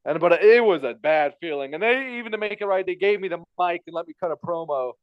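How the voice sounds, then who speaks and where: A man's voice: high-pitched, fast talker, smooth, no room sound, muffled recording. A man telling a personal story in casual chat, rambling and repeating himself with lots of fillers. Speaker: podcast guest telling a story.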